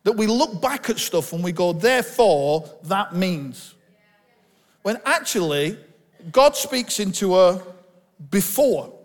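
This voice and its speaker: High-voiced pastor with a Bolton accent. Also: male voice, expressive, slow, in a large hall. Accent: Bolton, northern English. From Bolton, England. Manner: candid, self-deprecating, storytelling. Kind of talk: conversational sermon.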